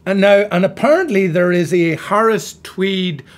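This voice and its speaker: A man's voice: sits high, moderate pace. A man from Cleveland co-hosting a comedic review chat, joking theatrically in an accent he has put on. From Cleveland, USA. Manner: theatrical, joking, puts on a Scottish-style accent. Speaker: co-host.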